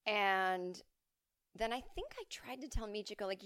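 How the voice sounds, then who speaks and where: A woman's voice: medium pitch, expressive, a little slow, a bit bright, smooth, no echo, clean studio sound. Profane, rambling storyteller woman in her 40s. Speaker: podcast host. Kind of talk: solo storytelling podcast.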